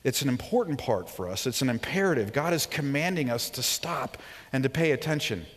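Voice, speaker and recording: A man in his forties preaches a sermon with animated storytelling, acting out the voices he quotes and sinking to a hush for emphasis. His voice sits at an ordinary mid pitch. It rings out with a long reverb in a large hall. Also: a little fast. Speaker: preacher and professor.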